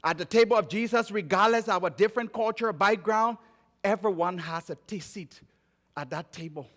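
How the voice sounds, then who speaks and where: A man from Liberia with a Liberian accent, preaching a sermon and telling stories, moving between emphatic raised phrases and quiet low ones. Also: normal speed. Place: church sanctuary. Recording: church sanctuary with long reverb.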